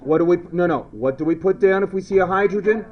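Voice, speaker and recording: A male chemistry teacher lecturing a class in a playful way, now and then shouting silly memory phrases. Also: sits high, fast. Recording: dull lo-fi classroom recording.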